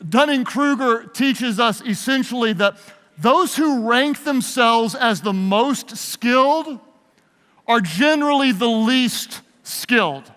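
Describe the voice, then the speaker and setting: With extremely high pitch and a slow, expressive, fairly bright delivery, a pastor preaches a sermon-style leadership talk and guides his audience in call-and-response. He's in a large hall with a live audience, heard through long hall reverb.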